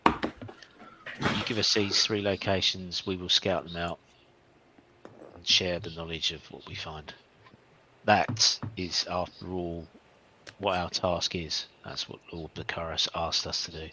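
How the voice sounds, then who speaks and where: A man's voice: low-pitched, fairly even intonation, slow pace, pushed and bright, slight background noise, rough recording. A man playing at a tabletop game, speaking formally in character for his party. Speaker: player.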